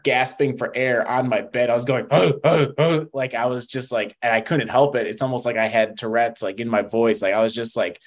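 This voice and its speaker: A man's voice: mid-range voice, fairly even intonation, fairly quick, hardly any pauses. Earnest young man sharing his testimony. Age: young adult. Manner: earnest, emotional storytelling with fillers. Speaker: podcast guest. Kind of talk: testimony in casual interview.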